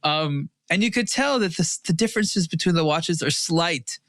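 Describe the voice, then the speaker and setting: A man's voice: on the high side, lively intonation, moderate pace, a bit bright, dry recording, studio quality. A man co-hosting a watch podcast in casual panel chat, rambling with many fillers and restarts.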